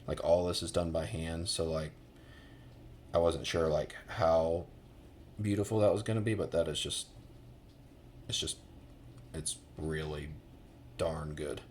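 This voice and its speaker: Low-voiced rambling American man. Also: fairly even intonation, measured pace, long pauses, darkish tone, a little hiss or hum. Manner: rambling, many fillers and restarts. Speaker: boot reviewer. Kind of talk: casual product review.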